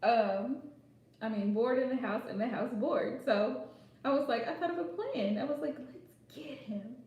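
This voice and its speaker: A woman's voice: fairly high pitch, moderate pace, a little mellow. A playful woman hosting a casual livestream chat, joking and laughing often as she talks. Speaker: host. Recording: very echoey room.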